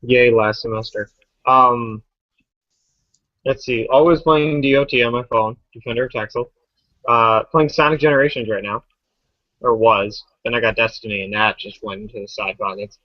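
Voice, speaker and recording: A relaxed young man in his twenties chatting on a podcast, often pausing on "um". The sound is dry and close, with a dull, lo-fi quality. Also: medium pitch, no room sound. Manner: relaxed, with frequent "um". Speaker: podcast co-host. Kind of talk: casual chat.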